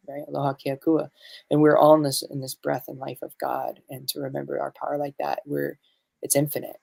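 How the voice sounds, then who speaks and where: A man's voice: a little high, flat delivery, fairly quick, vocal fry. A man guest on a podcast, a medicine facilitator telling a spiritual story in an earnest, reflective way, full of "you know" fillers.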